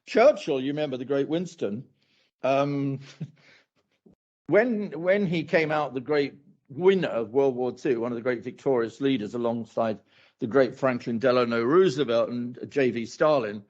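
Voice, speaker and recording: A man's voice: medium pitch, unhurried, darkish tone. A male academic answering a question at a university talk, rambling with many asides and repeated phrases, on a dull lo-fi recording. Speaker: academic speaker.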